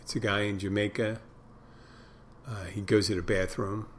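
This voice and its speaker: A man's voice: lowish voice, flat delivery, normal speed, a little hiss or hum. A middle-aged man hosting a podcast, rambling through stories and crude jokes in a casual monologue. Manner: meandering storyteller, tells crude jokes. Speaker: podcast host.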